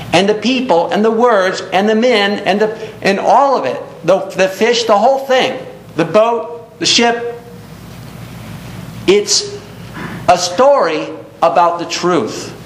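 A man's voice: lively intonation, slow. A man preaching a sermon in earnest tones, reading scripture aloud and explaining it to a congregation. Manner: earnest, reads scripture aloud in King James wording. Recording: echoey room with faint rumble.

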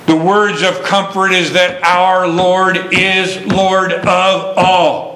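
A man delivers a fervent sermon at an unhurried pace, his fairly high voice bright and ringing. He keeps calling out to his listeners and leans on heartfelt exclamations. The room around him echoes. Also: steady tone. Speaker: preacher. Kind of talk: sermon with scripture reading.

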